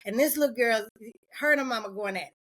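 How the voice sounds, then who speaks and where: Animated woman who laughs between points. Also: on the high side, quick pace. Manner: animated, laughs often, acts out quoted voices. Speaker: podcast guest. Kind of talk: candid podcast conversation.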